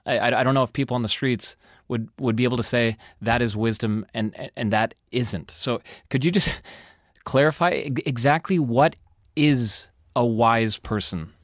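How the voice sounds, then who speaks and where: A man's voice: mid-range voice, moderate pace, dry recording, clean studio sound. A man co-hosting an interview, asking curious questions with stammering restarts. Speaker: co-host.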